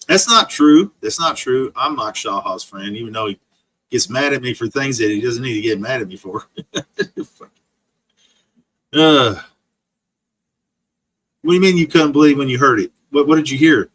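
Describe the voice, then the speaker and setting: A man's voice: medium pitch, lively intonation, normal speed, fairly bright tone. A man streaming an angry, profane rant full of insults. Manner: profane, insult-laden ranting.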